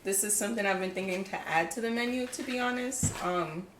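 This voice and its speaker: A young woman from Jamaica, a caterer, chatting as an interview guest in a relaxed, halting way with many fillers. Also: mid-range voice, a little hiss or hum. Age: young adult. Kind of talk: casual interview chat. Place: home, indoors. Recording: echoey room, faint ambience.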